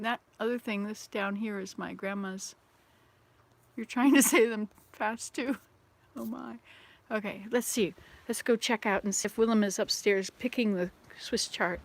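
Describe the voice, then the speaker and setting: Here a woman in her 60s has a fairly high, steady voice and talks at normal speed, with slight background noise. It's a casual home vlog: she meanders from room to room, rambling, joking, and giggling at her own mistakes.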